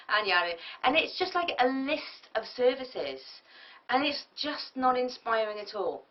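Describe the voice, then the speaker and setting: A woman giving a business tutorial, lively and often acting out example speakers. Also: a little high, brisk. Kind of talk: tutorial lecture. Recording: muffled lo-fi audio from a distance.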